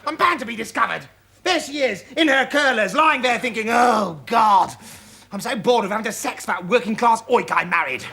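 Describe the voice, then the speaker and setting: An actor playing a vain, hysterical, self-pitying male TV star in a sitcom, with a shrill, theatrical way of talking. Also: animated, moderate pace, creaky, sharp tone, full character voice. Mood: outraged. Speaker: vain TV celebrity. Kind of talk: sitcom acting. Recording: studio audience laughter, background hiss.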